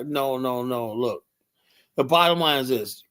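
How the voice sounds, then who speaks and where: With a medium-pitched, slightly bright voice at a moderate pace, an older man chats on his livestream and reads comments. He is rambling, blunt and profane, filling his speech with "you know."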